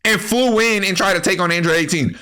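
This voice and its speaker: A man giving a comedic, profane anime recap, animated and full of slang. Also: high-pitched, a little fast, background noise. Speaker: anime commentary creator.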